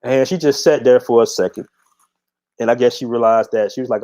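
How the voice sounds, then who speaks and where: A man's voice: medium pitch, brisk, mellow. A middle-aged man hosting his own channel, telling a story in a casual monologue with a blunt, profane, laid-back manner. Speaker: channel host. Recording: dull lo-fi audio.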